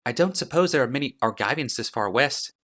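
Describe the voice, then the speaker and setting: A man voicing a composed, curious woman scholar who speaks in a polite, measured way. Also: mid-range voice, animated, a bit bright, voice pushed up.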